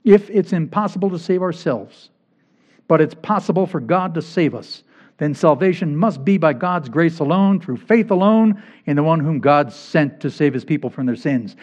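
A man's voice: a little high, expressive, moderate pace. A male pastor preaching a sermon, emphatic and repeating key phrases to drive points home. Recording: dull lo-fi recording.

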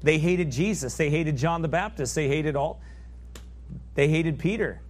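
A man preaching a sermon, fervent and emphatic, swinging from loud peaks down to low asides and reading scripture in old biblical wording. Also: a little slow.

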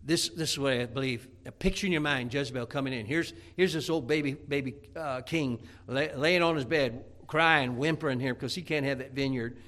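Animated, bright-voiced male preacher. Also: medium pitch, brisk, few pauses. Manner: animated storytelling preaching, acting out scripture characters. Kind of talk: sermon.

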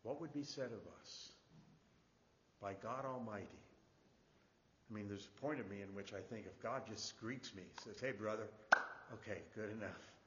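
A man preaching a sermon as pastor, repeating key phrases for emphasis and building from quiet reflection to emphatic preaching. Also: fairly low pitch, moderate pace, pauses often, long reverb tail, highs cut off, a little hiss or hum.

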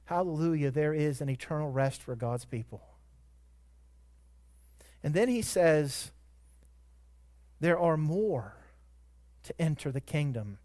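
A man preaching a sermon as pastor, shifting between quiet reflection and loud, emphatic peaks. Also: medium pitch.

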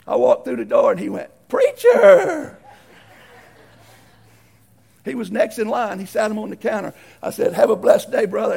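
Man, preacher, gravelly and husky, very high-pitched, animated storyteller. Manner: animated, acts out voices in stories. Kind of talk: folksy storytelling sermon.

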